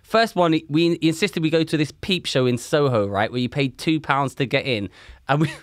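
A man's voice: fairly high pitch, brisk, dry recording, studio quality. A man telling a story on a casual podcast, laughing often and swearing freely. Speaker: podcast co-host. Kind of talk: casual chat.

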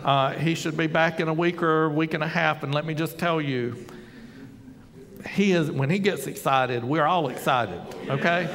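A male pastor telling a story during a sermon, chatty and conversational, with sudden loud exclamations. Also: fairly high pitch, normal speed. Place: church sanctuary. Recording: long hall reverb.

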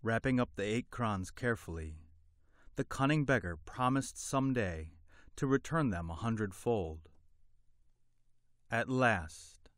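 Male fairy-tale narrator; unhurried, deliberate, dry booth sound. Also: fairly low pitch, no room sound. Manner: slow, measured, deliberate. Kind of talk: storybook narration.

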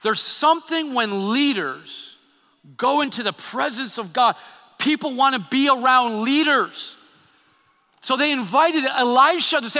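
A man preaching a sermon as pastor, animated and acting out quotes, often repeating his words. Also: very high-pitched, normal speed. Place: church sanctuary. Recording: long hall reverb.

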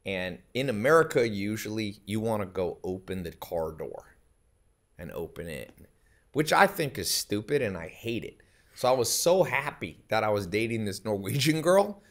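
Emphatic low-voiced man telling stories. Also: big pitch swings, normal speed. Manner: emphatic, anecdotal, laughs often mid-sentence. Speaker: podcast guest. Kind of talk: casual chat.

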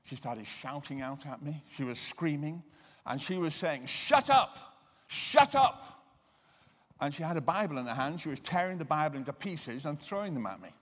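A man giving a sermon-style lecture. He tells personal stories and slows down to stress key words. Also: fairly high pitch. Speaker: guest lecturer and deliverance minister. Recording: reverberant lecture hall.

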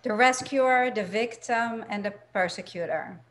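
A woman's voice: fairly high pitch, fairly bright tone, slight background noise. Woman moderating a video call. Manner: quick, brief prompts and interjections.

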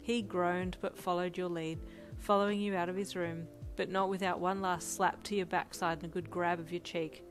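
A woman's voice: fairly low pitch, little pitch movement, moderate pace. Woman narrating a fanfic over music. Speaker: audiobook narrator. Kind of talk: second-person fanfic narration.

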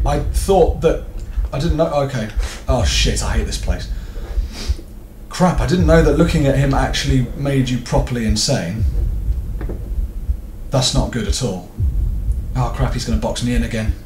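A man's voice: mid-range voice, normal speed, darkish tone, reverberant, slight background noise. Jumpy man swearing at a horror game. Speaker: gaming video host.

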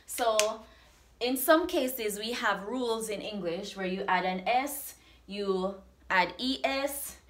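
A woman with a Jamaican accent teaching a language lesson, saying words slowly and repeating them for practice. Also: medium pitch, a bit bright. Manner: slow, repeats words for drilling.

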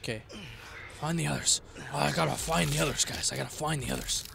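A man's voice: a little high, quick pace, creaky, background noise. A man streaming a horror game, commenting live, yelping when startled and muttering to himself in between. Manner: excitable, yelps and shouts when startled, then mutters quietly. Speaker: gaming streamer.

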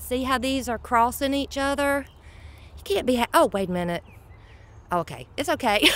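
Slow-talking excitable woman gardener outdoors. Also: mid-range voice. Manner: chatty and excitable, talks sweetly to pets. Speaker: homestead gardener vlogger. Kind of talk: casual vlog narration.

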